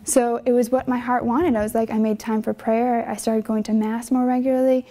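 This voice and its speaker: A woman's voice: a little high, little pitch movement, fairly quick, dark tone. A young woman, a religious sister, telling her vocation story in an earnest, conversational way, full of fillers and emotion. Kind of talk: personal vocation testimony.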